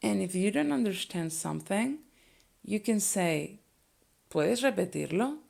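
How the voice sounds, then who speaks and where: A young woman whose first language is Spanish, teaching phrases slowly and clearly and repeating each one for learners. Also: mid-range voice, animated, a little mellow.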